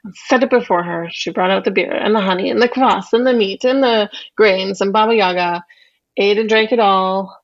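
Woman storyteller, playful and expressive, mid-range voice, slightly dull recording. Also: mid-range voice, normal speed. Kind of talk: animated folk-tale telling.

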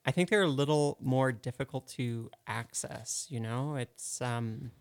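A man co-hosting a live studio radio show, his mid-pitched voice full of gravelly fry. He talks in a thoughtful, hesitant way, filling his pauses with ums. The sound is dry and close. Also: fairly even intonation, no echo. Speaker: radio co-host. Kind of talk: casual radio chat.

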